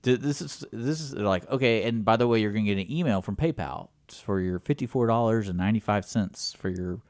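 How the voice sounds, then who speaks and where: Man, radio co-host, rambling casual talk, fairly low voice, dry studio. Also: fairly quick, a little mellow, no room sound. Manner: rambling, many fillers and restarts.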